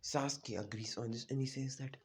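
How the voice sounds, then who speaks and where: A man's voice: medium pitch, fairly even intonation, a little fast, darkish tone, slight background noise. A man casually retelling a fan story in a rambling, unpolished way, full of "you know" and "like". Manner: loose, unpolished delivery with restarts.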